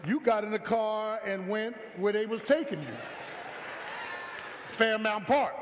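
High-voiced preacher in an echoing hall. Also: male voice, unhurried, crowd noise, noisy background. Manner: call-and-response preaching with repeated stammered phrases. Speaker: pastor. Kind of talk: sermon. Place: church sanctuary. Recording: echoey hall, dull lo-fi sound.

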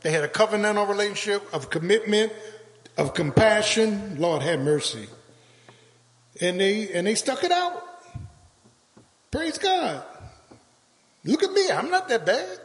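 An older male pastor preaching a sermon with call-and-response, building to shouts. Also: high-pitched, animated, measured pace, long pauses. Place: church sanctuary. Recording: long church reverb.

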